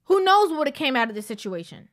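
Woman, high voice, casual storytelling, preachy, repeats herself for emphasis. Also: very animated, quick pace, fairly bright tone.

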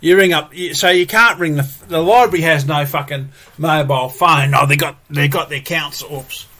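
A man's voice: fairly high pitch, moderate pace, pushed and bright. A man ranting angrily and profanely, full of exasperated repetitions. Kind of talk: angry solo rant.

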